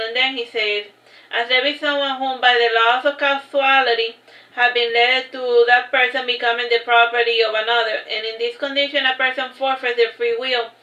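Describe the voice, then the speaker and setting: A woman's voice: on the high side, pushed and bright, roomy sound, muffled recording. A woman reading her own novel aloud in a casual way, breaking off with chatty asides and restarting lines. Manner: loose, with restarts and chatty side remarks.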